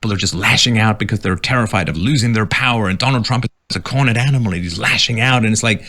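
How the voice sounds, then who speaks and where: A man's voice: lowish voice, quick pace, few pauses, sharp tone. A man giving sarcastic political commentary, reading out quotes and mocking them.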